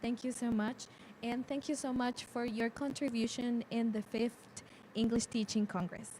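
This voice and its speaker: A woman's voice: on the high side, fairly even intonation, moderate pace, mellow, slight background noise, low-quality recording. A woman interviewer from the organizing committee, politely thanking her guests and closing the interview. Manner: polite and appreciative.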